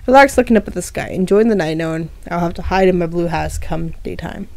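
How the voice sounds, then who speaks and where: A woman's voice: on the low side, fast talker, vocal fry, darkish tone, dry recording. A woman reading her own fan fiction aloud on a livestream, breaking off for casual asides with fillers. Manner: casual asides with fillers between story passages.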